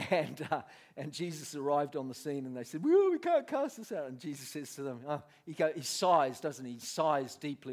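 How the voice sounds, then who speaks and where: A man preaching a sermon, telling a story with lots of laughter and acted-out voices. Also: medium pitch.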